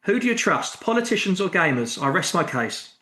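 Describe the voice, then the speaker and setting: A man's voice: high voice, sing-song, fairly quick, pushed and bright. A man co-hosting a gaming podcast, given to teasing, mock-earnest banter. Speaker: podcast co-host. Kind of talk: casual comedic banter. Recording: echoey room.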